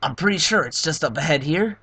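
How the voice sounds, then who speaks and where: A young man voicing a boastful, hulking male turtle-dragon king while reading game dialogue aloud, loud and gloating. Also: a little high, animated, fairly quick, breathy edge, no echo, heavily acted.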